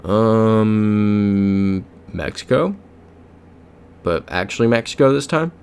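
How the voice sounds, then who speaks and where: Deep-voiced American man chatting on stream. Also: slow, creaky, darkish tone, slight background noise. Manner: chatty, reads chat aloud, mutters guesses to himself. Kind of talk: casual live-stream chat while playing a geography game.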